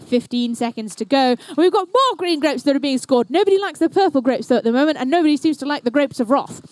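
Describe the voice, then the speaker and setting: A woman's voice: sits high, expressive, quick pace, no echo. A woman commentating a live indoor competition and emceeing it, with playful, jokey banter aimed at the crowd.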